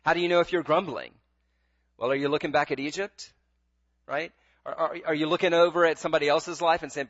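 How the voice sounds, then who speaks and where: A man preaching a sermon in a slightly high voice, earnest and pleading. He often trips over his words and restarts a phrase, repeating it as he presses on. The sound is dry and a bit muffled, like a lo-fi recording. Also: fairly even intonation, quick pace, a bit bright, no room sound. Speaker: pastor.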